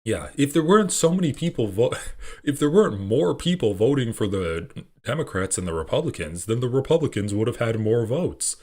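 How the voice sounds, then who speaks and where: A man's voice: medium pitch, sing-song, normal speed, darkish tone. A man live-streaming his reactions to online clips, sarcastic and profane, often laughing as he talks. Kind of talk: casual live-stream commentary.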